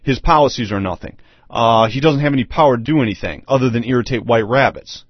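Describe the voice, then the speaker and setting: A man's voice: medium pitch, fast, no echo. A man hosting a solo talk monologue, emphatic and repeating his rhetorical questions. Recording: dull, lo-fi dry sound.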